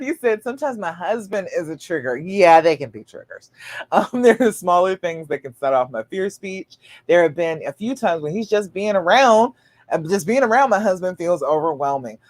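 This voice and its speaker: A woman's voice: lowish voice, lively intonation, moderate pace, no room sound. A woman relationship coach giving emphatic advice on a live stream, reading out viewers' questions and acting out quotes with laughs.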